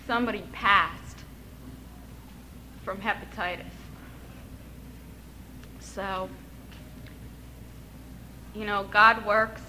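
Slow, bright-voiced woman in her thirties. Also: mid-range voice, a little hiss or hum, low-quality recording. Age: 30s. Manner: earnest, emotional storytelling with wry humor. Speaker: speaker sharing her recovery story. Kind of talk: personal testimony.

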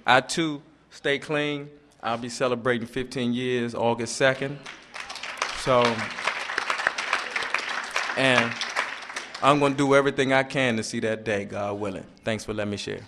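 A middle-aged man sharing his personal testimony at a recovery meeting, halting and earnest, often repeating words as he gathers his thoughts. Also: mid-range voice, fairly even intonation, fairly bright tone, a faint crowd, slight background noise.

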